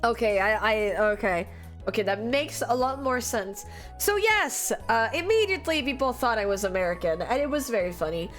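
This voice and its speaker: A woman's voice: on the high side, lively intonation, moderate pace, a bit bright, soft background music. A young woman from France chatting casually on a livestream, giggly and laughing often. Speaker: streamer.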